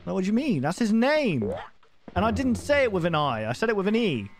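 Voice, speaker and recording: A man's voice: high voice, wildly swooping pitch, brisk, faint music behind. A man live-streaming a game, rambling and easily sidetracked, swearing often. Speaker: gaming streamer. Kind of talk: live-stream gameplay commentary.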